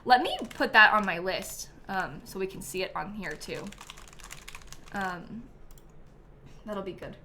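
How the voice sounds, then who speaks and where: A woman's voice: mid-range voice, expressive, a little slow, pauses often, noisy background. A woman hosting a casual live stream, chatty and giggly, full of ums and likes as she thanks viewers by name. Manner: reads out viewer names and thanks. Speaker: livestream host.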